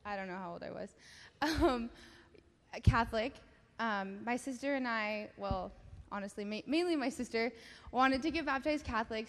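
A woman's voice: fairly high pitch, a bit bright. Giggly young woman in a reverberant hall. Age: young adult. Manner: giggly, halting, many fillers. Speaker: baptism candidate giving testimony. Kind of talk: personal testimony in church. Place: church service.

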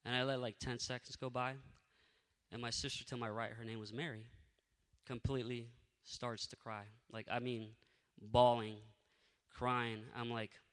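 A man telling a faith testimony in a lively, casual way, acting out what people said. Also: mid-range voice, unhurried, big-room sound. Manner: energetic, animated storyteller who acts out what people said. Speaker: speaker sharing a faith testimony.

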